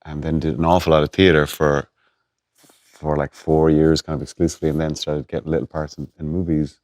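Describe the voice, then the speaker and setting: An Irish actor in casual conversation, soft-spoken and halting, restarting phrases. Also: male voice, extremely low pitch, flat delivery. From Ireland.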